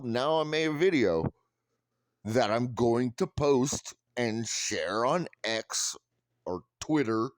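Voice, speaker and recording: Man, angry commentator, low voice, drawn-out delivery, dry close sound; blunt and profane. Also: dry recording. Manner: repeats and restarts words when worked up. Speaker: online commentator.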